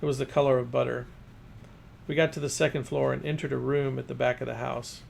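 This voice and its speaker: A man's voice: medium pitch, level tone, fairly quick, vocal fry, a little hiss or hum. A man reading his first-person fiction aloud as narrator.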